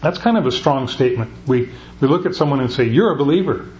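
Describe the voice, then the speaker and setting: A man's voice: medium pitch, fast, darkish tone, muffled recording. A middle-aged man preaching a conversational sermon, often restarting his sentences. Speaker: pastor.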